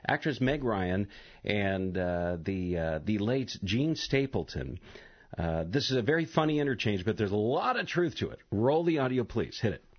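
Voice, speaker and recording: A man hosting a live call-in radio talk show, chatty and halting with frequent fillers. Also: lowish voice, big pitch swings, husky. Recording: dull lo-fi radio broadcast.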